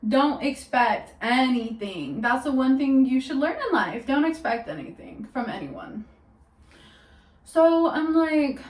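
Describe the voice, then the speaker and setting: A young woman chats through a gossipy storytime vlog, her high voice leaning on "like" at every turn. She sits some distance from the mic, so the room rings around her words. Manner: gossipy, peppered with "like", laughing often. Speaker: vlogger. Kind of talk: casual storytime chat. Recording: roomy sound from a distance off the mic.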